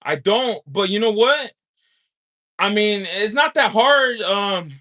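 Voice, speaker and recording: A man's voice: sits high, lively intonation, slow, pauses often, sharp tone. A man hosting a casual livestream, talking in a laid-back, repetitive way and laughing often. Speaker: livestream host.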